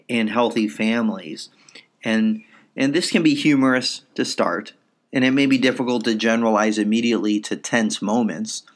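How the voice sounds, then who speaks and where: Calm man explaining parenting on a podcast. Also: on the low side. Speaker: psychologist podcast host. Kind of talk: educational parenting podcast talk.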